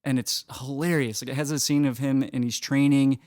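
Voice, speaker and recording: An eager man co-hosting a podcast, his pitch in the middle range and his tone lively and quick to laugh. He speaks in casual chat. The sound is dry and close. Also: no echo. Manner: laughs often, enthusiastic. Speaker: podcast co-host.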